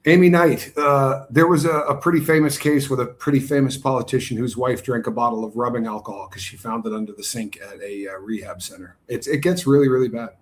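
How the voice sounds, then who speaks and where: Male co-host, mid-pitch, easygoing storyteller, casual chat. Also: brisk, few pauses. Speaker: co-host of a livestream.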